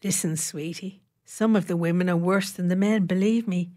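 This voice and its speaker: A woman voicing a worldly, well-connected client who speaks in a hushed, confiding half-whisper. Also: fairly low pitch, steady tone, normal speed, natural voice.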